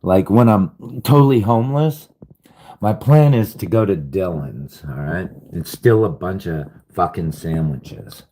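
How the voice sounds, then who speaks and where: A man's voice: sits low, mellow, poor audio. A man rambling through a live-stream monologue, sighing often, swearing heavily and sounding bewildered and aggrieved. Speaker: livestreamer.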